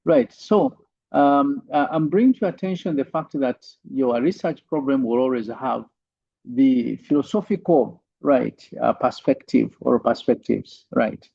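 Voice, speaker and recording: A man's voice: medium pitch, unhurried, creaky, husky, no echo, muffled recording. A male university lecturer giving an online lecture, tagging sentences with "right?" and many fillers.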